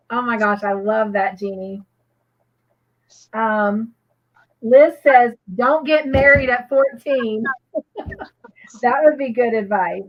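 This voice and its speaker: A woman's voice: a little high, unhurried, long pauses, dull audio. A woman co-hosting a live crochet show, chatting casually and reading viewers' comments aloud with gushing reactions.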